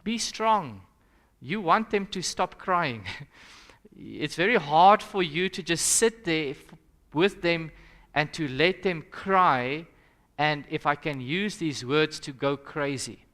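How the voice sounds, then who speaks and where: A man's voice: on the high side, takes it slowly, fairly bright tone. A young South African man, a pastor, leading an interactive Sabbath school lesson and putting questions to the audience in a conversational way. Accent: South African English.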